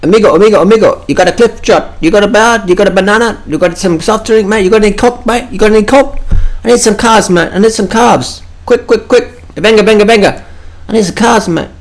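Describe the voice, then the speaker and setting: A man voicing a frantic, starving male pro cyclist who pleads and shouts for carbs. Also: high voice, fast talker, pitched above the performer's own voice. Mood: frantic begging.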